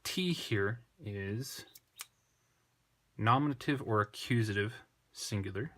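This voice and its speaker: Slow, low-voiced man thinking aloud. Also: pushed and bright. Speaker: Greek tutor. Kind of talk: unscripted screen lesson.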